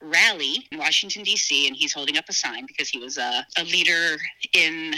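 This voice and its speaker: A woman from New Jersey, a podcast guest telling her own story in a casual, animated way and acting out quoted voices. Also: fairly quick, poor audio. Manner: animated, acts out quoted dialogue with big pitch jumps.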